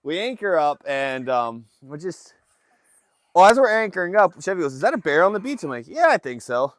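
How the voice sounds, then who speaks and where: A man's voice: on the high side, big pitch swings, brisk, no room sound. A man hosting a casual livestream from a fishing boat, telling a story and acting out his family's voices. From Alaska. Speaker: livestream host. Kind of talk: casual storytelling to live chat. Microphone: phone livestream.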